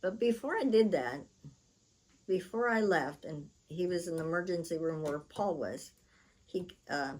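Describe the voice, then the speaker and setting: A woman's voice: on the low side, a little slow, a little mellow, low-quality recording. A woman hosting her own channel, telling a long story in casual chat while she cooks. She rambles, corrects herself mid-sentence, and uses blunt, salty words. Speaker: channel host.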